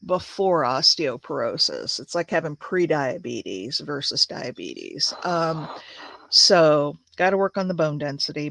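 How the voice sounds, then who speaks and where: A woman's voice: on the low side, gravelly, a bit bright, no room sound. A woman in her sixties chatting casually on a live stream, greeting viewers by name and using lots of fillers. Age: 60s. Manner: chatty, reads viewer comments aloud, many fillers. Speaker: crafts channel host.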